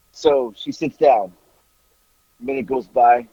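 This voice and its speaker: A man's voice: medium pitch, sing-song, unhurried, vocal fry, mellow, slightly rough, no echo. A man on a podcast telling a story casually, swearing freely and laughing through it. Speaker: podcast co-host. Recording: dry, slightly dull recording.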